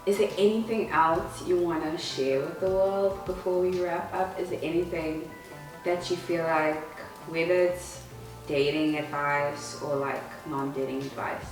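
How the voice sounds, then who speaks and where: A woman's voice: low voice, measured pace, far from the mic. Giggly woman host in an echoey room. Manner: giggly, animated, many fillers. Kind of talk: casual interview chat. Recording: echoey room, voice from off-mic, faint music.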